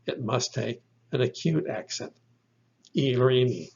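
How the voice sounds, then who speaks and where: A man gives a recorded lesson in an unhurried, deliberate way, repeating each example word. His voice is gravelly and a little husky. The recording sounds dull and lo-fi. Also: medium pitch, a little mellow. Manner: slow, deliberate explaining with repeated example words. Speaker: teacher.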